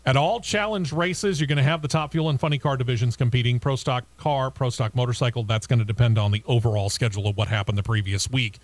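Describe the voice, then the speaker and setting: Dry-voiced racing talk show host. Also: male voice, mid-range voice, fairly even intonation, fast, hardly any pauses, no echo. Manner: reads news items then chats and laughs with co-hosts. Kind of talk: radio talk show news segment.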